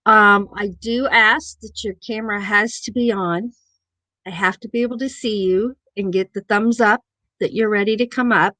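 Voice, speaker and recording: A woman hosting a casual live stream from her home office, easygoing and relaxed, with frequent ums. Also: medium pitch, moderate pace, dry recording. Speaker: host of a live morning talk stream.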